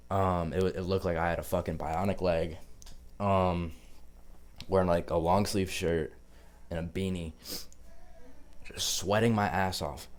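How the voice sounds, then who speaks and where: A young man with a very low, deep voice tells a story straight to camera. He rambles loosely, swears often and leans on filler words, in a relaxed vlog manner. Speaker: vlogger.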